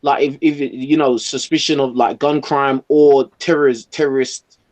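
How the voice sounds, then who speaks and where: A young English man with an English accent telling a lively anecdote in a casual podcast chat. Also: mid-range voice, normal speed. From England. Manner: lively anecdotal, quoting others.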